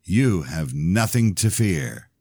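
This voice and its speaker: A stern old priest, as a male narrator acts him, deep and unhurried. He speaks with calm, solemn certainty, in a dry, close storybook reading. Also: husky, no echo, full character voice.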